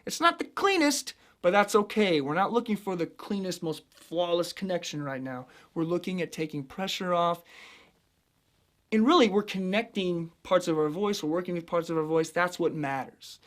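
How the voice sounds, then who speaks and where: A man from central Illinois giving a casual singing lesson, chatting about head voice and breaking into high sung demonstrations. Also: normal speed. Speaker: vocal coach.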